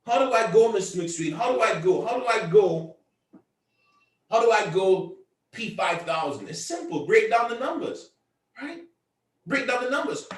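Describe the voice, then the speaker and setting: Recorded from a distance in an echoey room, a man's high voice swings widely in pitch at moderate pace, broken by long pauses. He's the team leader on a convention call, giving a pep talk that repeats points emphatically and often raises his voice.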